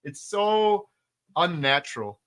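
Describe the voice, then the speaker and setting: A man's voice: high voice, very animated, takes it slowly, fairly bright tone. A man hosting a casual interview, talking with enthusiastic emphasis, piling up repeated words and fillers. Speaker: podcast host.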